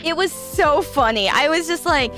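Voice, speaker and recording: A woman's voice: high-pitched, normal speed, faint music behind. A woman hosting a casual stream chat, telling stories with lots of laughter and frank swearing. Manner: animated, laughing, swearing freely. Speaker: radio show host, VTuber.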